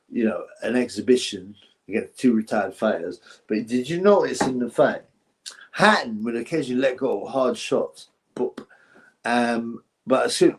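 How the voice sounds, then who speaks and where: A man hosting a casual boxing livestream, rambling and thinking aloud, thanking viewers for donations. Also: mid-range voice.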